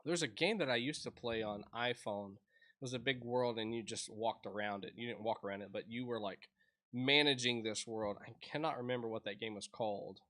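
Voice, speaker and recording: A man casually reviews an indie game as he plays, his talk chatty and full of restarts. His voice sounds bright and forward. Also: medium pitch, brisk. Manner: rambling, chatty, self-interrupting. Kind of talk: casual let's-play commentary.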